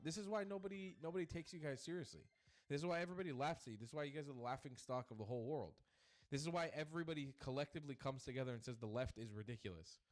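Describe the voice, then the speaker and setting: A man hosting a live stream, giving heated, crude, repetitive ranting commentary on clips. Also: mid-range voice.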